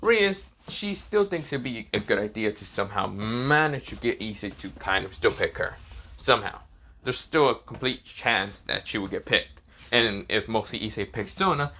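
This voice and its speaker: A young man improvising a fan story aloud in a rambling, casual way, swearing freely and filling pauses with repeated stock phrases. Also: on the low side, animated, bright, forceful tone.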